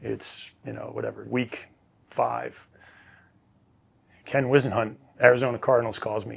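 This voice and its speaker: A man, a former quarterback, telling stories as an interview guest in a relaxed, rambling way with many fillers and restarts. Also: mid-range voice, a little slow, gravelly, long pauses, husky. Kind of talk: casual storytelling.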